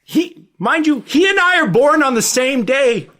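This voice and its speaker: A man in his thirties telling a story on a casual podcast, acting out the people in it with lively voice changes. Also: unhurried. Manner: animated, jumps to high-pitched exclamations and voices for people in his stories.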